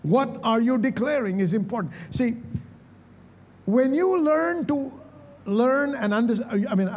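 A man preaching from the pulpit with a high, lively voice that swings up and down as he drives each point home. His tone is husky. The recording sounds dull and lo-fi, like a muffled church recording. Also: in a large hall. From India. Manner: preaching with emphatic calls to the church. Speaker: pastor. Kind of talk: sermon.

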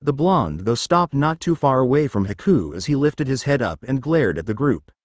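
A man's voice: medium pitch, sing-song, moderate pace, dry recording, studio quality. A man reading a fanfiction story aloud as narrator.

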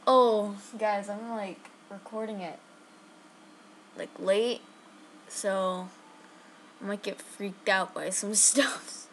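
A woman giving chatty, excitable live commentary on her own game, talking straight to her viewers. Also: on the high side, slight background noise. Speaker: gaming channel host.

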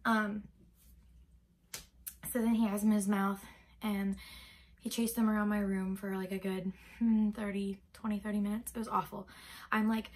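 A woman's voice: medium pitch, moderate pace, pauses often. A young woman vlogger telling a dramatic story casually, full of fillers. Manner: animated, dramatic, many fillers. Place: bedroom.

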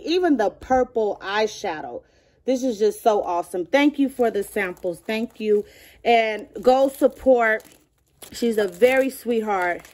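A woman's voice: a little high, a little mellow. A woman vlogger chatting casually as she shows off items in a show-and-tell video, gushing and calling viewers "girl". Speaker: beauty and lifestyle vlogger.

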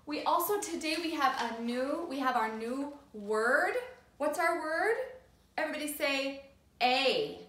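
A woman teaching a phonics lesson to young children, slow and sing-song, drawing out letter sounds and cheering them on. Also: high-pitched, expressive, a bit bright, echoey room. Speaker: preschool teacher.

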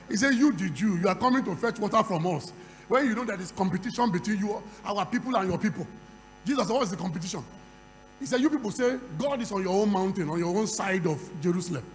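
A man preaching a sermon at a conference, moving from quiet storytelling to loud shouting. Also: sits high, animated, fast. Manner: acts out dialogue in a conversational storytelling voice. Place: large conference hall. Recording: reverberant hall with faint hum.

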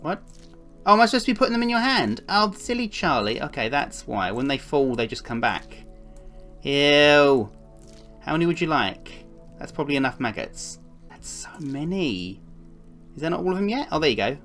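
A woman's voice: low voice, sing-song, a little fast, a bit bright, soft background music. A woman streaming a puzzle game, chatting along and cooing to the cats on screen with little giggles. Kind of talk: live gameplay commentary.

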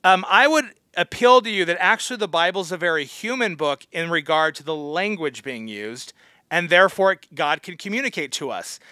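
A man's voice: high-pitched, bright, forceful tone, dry recording, studio quality. A man teaching a Bible study as a pastor, blunt and harsh, scolding his listeners. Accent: American.

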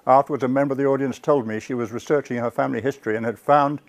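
A man giving a public history lecture to a live audience. He tells the story with lively asides to the listeners and corrects himself mid-word. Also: mid-range voice, rapid-fire. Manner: self-corrects and restarts words.

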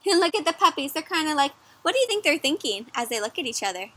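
A young woman reading a picture book aloud for children, animated, often pausing to ask her listeners questions. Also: high-pitched. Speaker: children's storyteller. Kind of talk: interactive read-aloud for kids.

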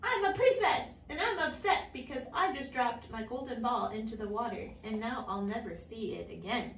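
A woman's voice: expressive, normal speed, vocal fry, fairly bright tone. A woman voicing a spoiled, haughty young princess in a read-aloud storybook, huffy and emphatic. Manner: huffy, high-pitched and emphatic. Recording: echoey room, far from the mic, faint noise.

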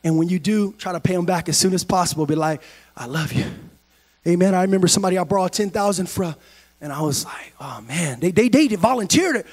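A man preaching a sermon as pastor, swinging from quiet talk to shouted, sing-song cadences. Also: high-pitched, quick pace. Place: church sanctuary.

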